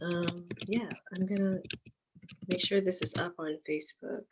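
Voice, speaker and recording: A woman's voice: fairly low pitch, fairly even intonation, unhurried, background noise. A young woman hosting an online book club livestream, talking casually and rambling with many ums and likes.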